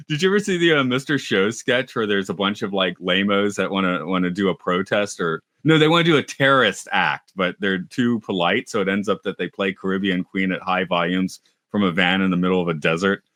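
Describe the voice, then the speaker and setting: A man's voice: low voice, expressive, brisk, a bit bright, no echo, clean studio sound. A man co-hosting a podcast in casual chat, talkative, often laughing and restarting his sentences. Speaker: podcast co-host.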